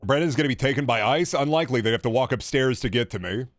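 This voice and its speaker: A man's voice: medium pitch, fast talker, no room sound, clean studio sound. A young man streaming a game, riffing in a profane, sarcastic way in casual chatter.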